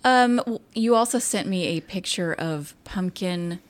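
A woman's voice: mid-range voice, a little slow. A woman co-hosting a podcast in casual chat, curious and teasing, asking lots of questions. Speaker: podcast co-host.

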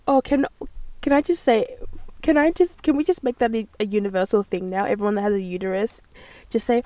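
A woman's voice: a little high, normal speed, dark tone, dry recording. A young woman, hosting a casual solo podcast in a bubbly, rambling way. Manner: bubbly and rambling, with frequent gasps and laughs. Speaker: podcast host.

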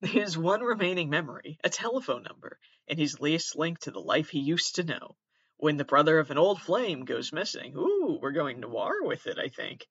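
Giggly Midwestern man with a husky voice. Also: on the high side, big pitch swings, moderate pace, a bit bright, no echo, lo-fi sound. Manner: giggly, keeps breaking into laughter and apologizing. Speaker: podcast host. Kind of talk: casual comedic reading and riffing.

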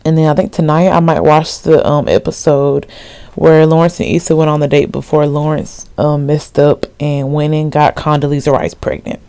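A woman's voice: low voice, little pitch movement, normal speed, warm tone, clear, resonant tone, dry recording. A woman in her twenties hosting a solo podcast in a rambling, slangy chat full of asides and fillers. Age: 20s. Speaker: podcast host.

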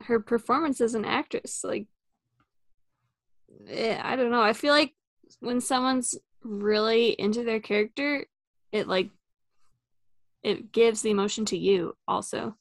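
A woman co-hosts a casual film chat, dropping wry, joking asides. Her voice sits a little high. The recording is dry and close, with no echo. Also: fairly even intonation, unhurried, creaky, pauses often. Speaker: podcast co-host.

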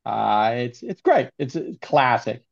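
A man co-hosting a casual movie review podcast, telling scenes in an animated way and laughing often. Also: medium pitch, takes it slowly, creaky, dull audio. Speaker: podcast co-host.

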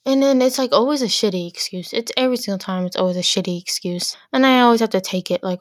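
A teenage girl hosts her own podcast, delivering a casual solo rant that is blunt, exasperated and packed with filler words. Her voice is on the high side and fairly quick, recorded at studio quality with no room sound.

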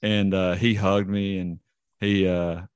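A man's voice: deep voice, little pitch movement, slow, clean tone, no echo. A man, a ballplayer guest telling rambling, self-deprecating stories in an interview. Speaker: interview guest, baseball player. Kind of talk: casual storytelling interview.

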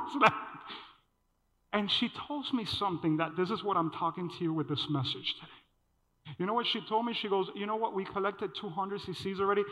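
A man preaching a sermon, telling a personal story in an animated way and acting out the dialogue. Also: high-pitched, normal speed. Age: adult. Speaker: pastor. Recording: dull sound with long hall reverb.

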